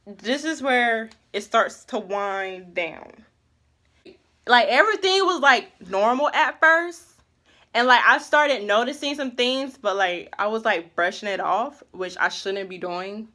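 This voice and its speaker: A young woman vlogs her story in a high, bright voice. She rambles casually, heavy on fillers and slang, and stays animated. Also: measured pace. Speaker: vlogger.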